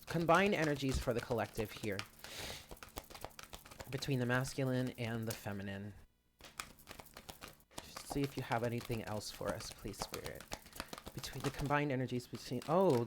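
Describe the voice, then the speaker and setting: A man's voice: mid-range voice, a little hiss or hum. Earnest man giving a card reading. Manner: earnest, addresses viewers directly. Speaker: spiritual card reader. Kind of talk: live channeled card reading.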